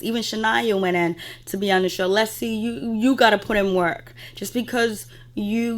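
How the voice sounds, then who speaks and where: A woman in a casual spoken recap, chatty and opinionated, filling gaps with stock phrases as she goes. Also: mid-range voice. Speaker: reality TV recap host.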